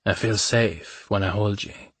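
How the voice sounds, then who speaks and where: Calm, tender Irish lover, read by a male narrator, low and steady. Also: measured pace, breathy edge, no echo. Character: reckless, tender Irish man, calm and reassuring.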